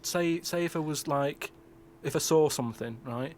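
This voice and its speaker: A man in comedy podcast banter, explaining a thought haltingly and repeating words. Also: on the high side, a little mellow, slight background noise.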